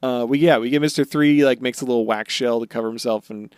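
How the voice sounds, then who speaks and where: A young man on a casual podcast, talking through a story with lively energy and breaking into squeaky character voices now and then. His voice is smooth and resonant, with a dry, close sound and no room around it. The pitch sits in an ordinary middle range for a man. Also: fast talker, no echo. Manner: animated recapper who acts out characters in high silly voices. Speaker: podcast co-host.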